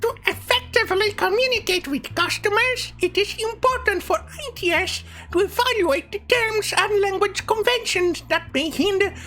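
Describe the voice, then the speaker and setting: A woman putting on a shrill, prissy campus bureaucrat reading a memo, in an exaggerated, sneering mockery with faint music behind. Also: normal speed, hardly any pauses, pushed and bright, rough recording. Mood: mocking prissy.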